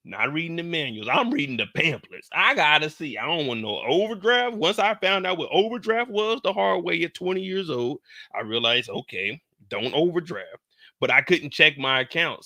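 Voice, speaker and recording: A man in his thirties hosts and tells a story in a loose, animated way, swearing freely and acting out the other people's lines. His voice sits fairly high and sounds very bright and sharp. It is recorded close and dry, with almost no room sound. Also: normal speed, no room sound. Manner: animated, profane, acts out quoted dialogue. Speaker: show host. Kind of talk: casual storytelling.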